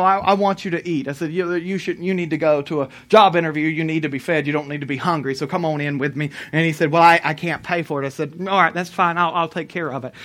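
A middle-aged man preaching a sermon and telling a personal story, moving from loud emphasis to quiet, low retelling. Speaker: pastor.

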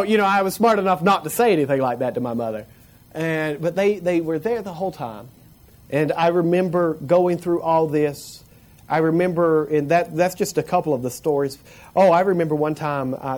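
A man from the Florida panhandle, telling a personal story in a lively way, laughing and acting out the people in it. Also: on the high side. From Florida panhandle, USA. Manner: animated, laughing, acts out the people in his story.

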